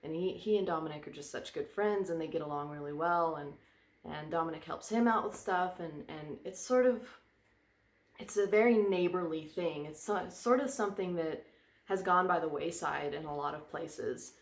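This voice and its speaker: A woman's voice: low-pitched, normal speed, echoey room. A woman vlogger chatting casually, rambling and drifting onto tangents. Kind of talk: casual chat. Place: indoor room by a fireplace.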